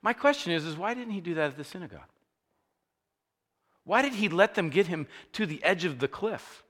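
A man preaching a sermon, telling a Bible story in a conversational, animated way. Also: sits high, brisk, long reverb tail. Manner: animated storytelling, acting out scenes with rising energy. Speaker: pastor.

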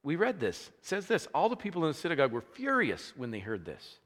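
A man delivers a sermon in a bright, forward voice. His pitch moves a lot as he retells the scene with growing energy. A long hall reverb trails every line. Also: quick pace. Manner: animated storytelling, acting out scenes with rising energy. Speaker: pastor.

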